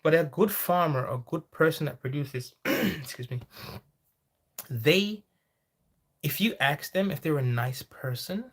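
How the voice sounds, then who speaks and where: Man hosting a live chat, average pitch, loose and friendly, answers viewers as they come. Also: slightly rough. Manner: lively and chatty, with sudden high-pitched exclamations. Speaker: farming livestream host. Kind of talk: casual live chat, reading viewer comments.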